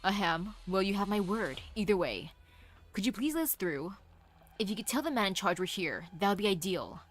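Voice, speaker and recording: A woman voicing a composed adventurer who talks polite and steady to calm a tense standoff. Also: medium pitch, moderate pace, faint music behind, voice pushed down, natural voice. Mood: placating.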